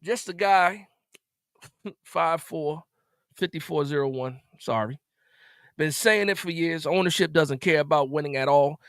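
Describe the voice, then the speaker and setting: A man hosting a live stream, ranting in an exasperated way after a game, repeating himself and jumping suddenly louder. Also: on the high side, measured pace, pauses often, no echo, clean studio sound. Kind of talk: animated post-game rant.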